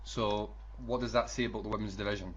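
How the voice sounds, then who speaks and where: A man's voice: on the low side, fairly even intonation, fast. A man, co-hosting a casual wrestling podcast, swearing and laughing as he mocks commentators. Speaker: podcast co-host. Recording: dull lo-fi audio with faint noise.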